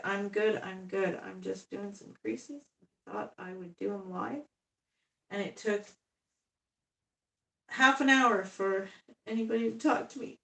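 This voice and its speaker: A woman's voice: mid-range voice, steady tone, a little slow, gravelly, pauses often, a bit bright. A woman in her fifties chatting on a casual live stream at home as she works on dolls. She rambles and laughs often. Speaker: doll artist live-streaming. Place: home room. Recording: echoey room, far from the mic.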